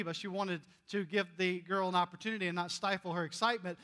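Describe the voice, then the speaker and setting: A man preaching a sermon, telling stories earnestly and swinging between loud emphasis and hushed asides. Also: high voice, fairly even intonation, fast talker, few pauses. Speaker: pastor.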